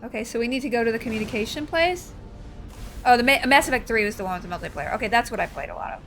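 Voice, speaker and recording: A woman in her forties chatting excitedly while playing a game live, with loud exclamations. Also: fairly high pitch, rapid-fire, soft background music. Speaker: streamer. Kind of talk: live gameplay commentary.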